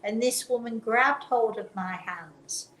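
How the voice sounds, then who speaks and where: Woman, talk show host, earnest, gentle, restarts sentences, roomy echo, faint background hum. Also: on the high side, slow. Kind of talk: casual chat, personal storytelling.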